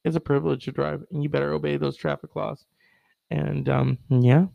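A man's voice: a little high, level tone, normal speed, vocal fry, mellow, no room sound, lo-fi sound. A man hosting a casual online show, rambling with many fillers and wry asides.

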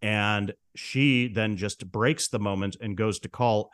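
A man co-hosting a film podcast, talking in an enthusiastic, relaxed, buddy-like way. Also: fairly low pitch, slow, clean tone, dry recording, studio quality. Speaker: podcast co-host. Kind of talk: casual film discussion.

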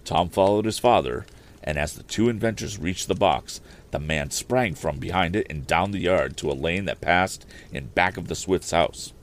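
A man narrating a storybook aloud as podcast host, in an expressive, measured storytelling way. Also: low-pitched, a little hiss or hum. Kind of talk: audiobook narration.

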